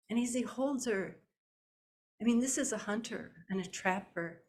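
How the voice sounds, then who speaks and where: A woman telling a folk tale live, slow and deliberate with long pauses. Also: mid-range voice. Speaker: storyteller. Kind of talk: live oral storytelling. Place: storytelling event indoors.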